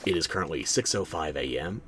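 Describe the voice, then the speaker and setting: A man's voice: rumbling low, animated, brisk, a bit bright, a little hiss or hum. A tired man streaming a video game, talking in a sardonic, theatrical way. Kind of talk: game commentary.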